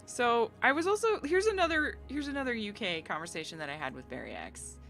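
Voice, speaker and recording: A woman's voice: fairly high pitch, big pitch swings, a little fast, a bit bright, faint music behind. An American woman streaming live, chatting casually with viewers in a giggly, filler-heavy way.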